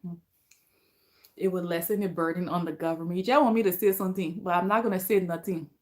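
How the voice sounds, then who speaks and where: A woman's voice: on the low side, fairly even intonation, fast. A woman with a Liberian accent chatting casually on a livestream, reading viewer comments aloud and responding to them. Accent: Liberian English.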